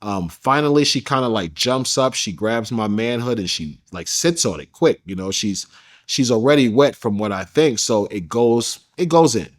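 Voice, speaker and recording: A man's voice: mid-range voice, expressive, moderate pace. Blunt, slangy male interview guest. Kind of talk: candid first-person storytelling.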